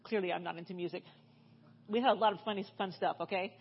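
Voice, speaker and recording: Speaking fast at a medium pitch with fairly even intonation and a breathy edge, a middle-aged woman delivers a storytelling sermon as a church guest speaker. Highs are cut off, and her chatty telling is full of fillers and restarts.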